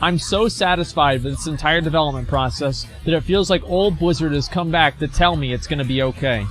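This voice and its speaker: A man's voice: fairly high pitch, fairly quick, a bit bright, soft background music. A man streaming as he reads forum posts aloud and reacts to them, blunt, mocking and profane.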